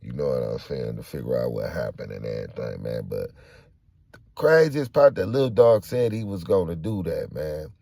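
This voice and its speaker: A man with a very low, gravelly voice tells a true-crime story from his own life in a loose, casual way, full of slang, fillers and side remarks. His pitch swings widely as he acts out the people in it. The sound is dry and close. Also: normal speed, no echo. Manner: acts out quoted people, jumping much higher when excited.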